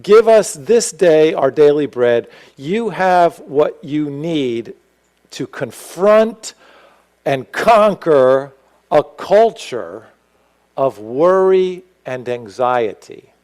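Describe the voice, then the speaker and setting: A man preaching a sermon as pastor, animated and rising to emphatic exclamations. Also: fairly high pitch, drawn-out words, rough recording.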